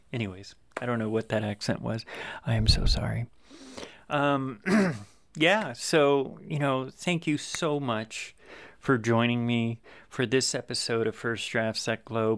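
A man hosting his own show, chatting casually and haltingly about writing his stories, with many fillers and restarts. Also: medium pitch, smooth. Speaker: podcast host and fiction writer.

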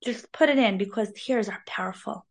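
A woman giving an informal, animated weekly Torah talk, sprinkling in Hebrew terms. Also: medium pitch, normal speed. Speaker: Torah class speaker.

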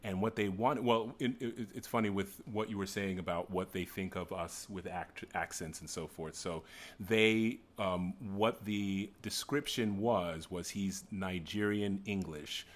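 A middle-aged man chatting as a guest actor, animated and rambling, with frequent restarts and laughs. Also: deep voice, a little slow. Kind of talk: casual chat.

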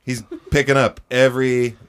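Young man, podcast host, casual storytelling, animated, swearing, mid-pitched voice. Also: moderate pace, clear, resonant tone. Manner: animated, swearing, jumps into high voices for quotes.

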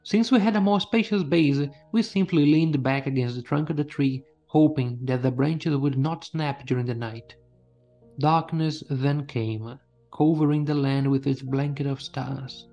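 Male narrator, scripted story reading, steady delivery, faint music underneath. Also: a little high, measured pace. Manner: steady storytelling, first person.

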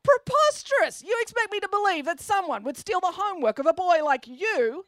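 A woman's voice: high-pitched, huge pitch swings, normal speed, no room sound, pitched above the performer's own voice. A woman doing a blustering, shrieking male schoolteacher. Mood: indignant. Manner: snappish, indignant, shouting. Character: pompous blustering male science teacher.

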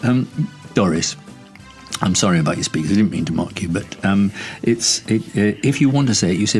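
A man's voice: low-pitched, normal speed, a little mellow, faint music behind. A man hosting a comic phone-in sketch, teasing his caller with laughs. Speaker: radio-style host.

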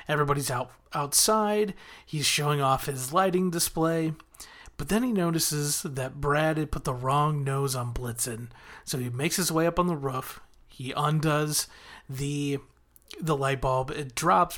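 A man's voice: mid-range voice, steady tone, moderate pace, fairly bright tone. A man hosting a podcast, recapping a TV episode in an enthusiastic, rambling way with frequent chuckles. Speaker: podcast host reviewing a TV episode.

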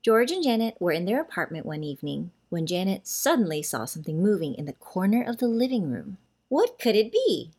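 A woman reading a children's story aloud, with slow, animated storybook narration. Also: on the low side, breathy edge.

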